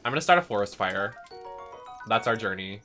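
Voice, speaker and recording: A young man streaming a video game, ranting in a dramatic, sweary way that swings from shouting to muttering. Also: lowish voice, expressive, brisk, soft background music. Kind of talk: casual rant while gaming.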